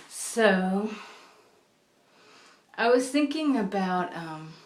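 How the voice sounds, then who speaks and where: A middle-aged woman chatting at home in a rambling personal vlog, meandering from thought to thought and sometimes dropping to a whisper. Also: mid-range voice. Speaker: vlogger. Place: her home. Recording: echoey room.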